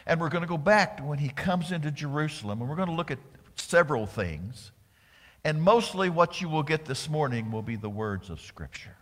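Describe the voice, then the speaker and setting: Man preaching a sermon, goes loud then drops to whispers, kinda high voice, big echoey church. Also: expressive, fairly quick. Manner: dramatic, swings from loud exclamations to unvoiced whispers. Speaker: pastor.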